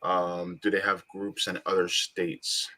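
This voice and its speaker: A man hosting a livestream panel, talking in a measured, reflective way with many fillers. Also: sits low, completely flat delivery, sharp tone. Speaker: livestream host.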